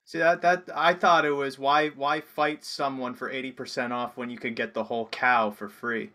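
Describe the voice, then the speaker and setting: A man's voice: mid-range voice, little pitch movement, normal speed, bright, forceful tone. A man in a casual comedy chat who stumbles and repeats words as he starts his points.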